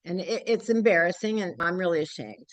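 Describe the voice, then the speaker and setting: A woman's voice: lowish voice, fairly quick, no room sound, highs cut off. An older woman speaking at a community group meeting, candid and blunt, rambling with frequent fillers. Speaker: local activist group member.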